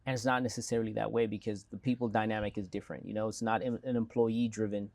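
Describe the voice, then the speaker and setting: A man's voice: fairly low pitch, flat delivery, quick pace, a little mellow, no echo. A man who grew up in South Africa and speaks with an American-sounding accent lightly tinged with South African, a mayoral candidate joking and rambling with restarts in a casual interview. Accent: American-sounding, slightly South African.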